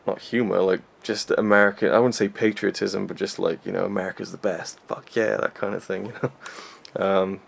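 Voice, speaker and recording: A man's voice: deep voice, little pitch movement, normal speed, vocal fry. A young man reviewing a film in a rambling, self-deprecating casual chat with lots of fillers.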